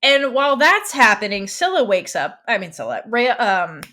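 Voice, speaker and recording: A woman's voice: fairly high pitch, normal speed. A woman co-hosting a podcast, recapping a TV episode in casual chat, rambling with lots of "like"s and restarts. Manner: rambling, animated, many "like"s and restarts. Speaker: podcast co-host.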